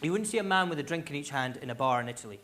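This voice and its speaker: High-voiced Scottish stand-up comic. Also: male voice, background noise. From Scotland. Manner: storytelling, animated, quick asides. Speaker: stand-up comedian. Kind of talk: live stand-up comedy. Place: large concert hall stage. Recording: live theatre recording, loud crowd laughter.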